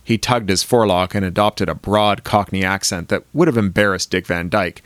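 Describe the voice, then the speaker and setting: A man's voice: low voice, normal speed, a bit bright, dry recording. A man reading his own novel aloud with dry, wry first-person narration. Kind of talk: audiobook reading.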